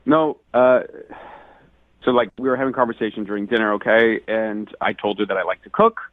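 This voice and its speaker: A man's voice: on the low side, steady tone, a little fast, no echo. A man calling into a radio show, retelling a bad date in an indignant, dramatic way. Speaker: caller on a radio prank segment. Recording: tinny phone line.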